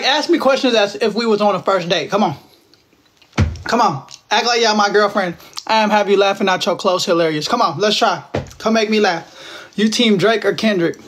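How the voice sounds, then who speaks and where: A man's voice: high-pitched, a bit bright, slight background noise. A man in his twenties from Texas, hosting a casual livestream from home on his phone, teasing viewers and answering their comments in playful slang. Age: 20s. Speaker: livestream host.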